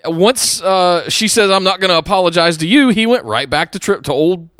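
A man co-hosts a casual wrestling podcast and weighs in thoughtfully on what he saw. His voice runs slightly high and sounds dry and close to the mic. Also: animated, moderate pace, a bit bright, dry recording. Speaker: podcast co-host.

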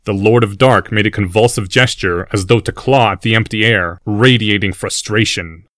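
Male narrator, audiobook: steady scripted read, fairly low voice, dry close sound. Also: moderate pace, no echo.

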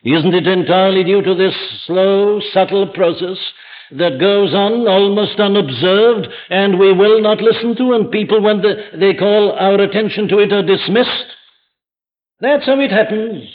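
Male preacher, fairly high voice, urgent rhetorical questions, dull old church recording. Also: unhurried. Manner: emphatic, full of rhetorical questions. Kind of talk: evening sermon. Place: church before a congregation. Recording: dull lo-fi archive sermon recording.

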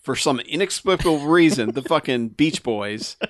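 A man's voice: a little high, lively intonation, normal speed. A man in a casual movie chat, adding sardonic remarks and corrections to the recap.

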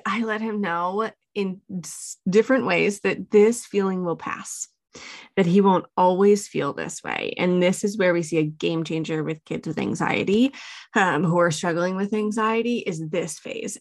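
A woman as a parenting expert guest in a casual podcast interview, telling stories with lively quoted dialogue and frequent laughter. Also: mid-range voice, normal speed, dry recording, studio quality. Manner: animated storytelling, acts out parent and child quotes, laughs often.

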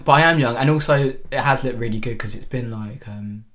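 A young man, chatting on a podcast in a halting way, with lots of fillers and laughs. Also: mid-range voice, a bit bright. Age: young adult. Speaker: podcast co-host. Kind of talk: casual chat.

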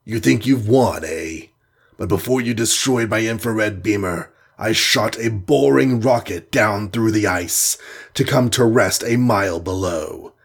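A man plays a smug, gloating male supervillain from a storybook, mocking his foes and slipping in French phrases. The voice sits low and husky, with an unhurried, pleased-with-itself delivery. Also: full character voice.

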